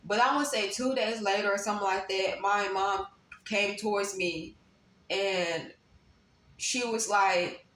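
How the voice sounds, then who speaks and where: Woman tarot reader, casual and emphatic, mid-range pitch, roomy echo. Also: steady tone, a little slow, a bit bright. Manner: emphatic, repeats phrases for stress. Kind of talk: casual tarot reading to viewers. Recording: roomy echo, faint background noise.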